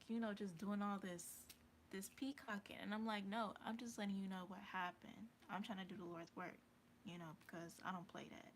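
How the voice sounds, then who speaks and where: A woman's voice: mid-range voice, a bit bright, a little hiss or hum. A woman vlogger telling a story in casual chat, full of fillers and sometimes dropping to a whisper. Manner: chatty, with many fillers, drops to a whisper at times.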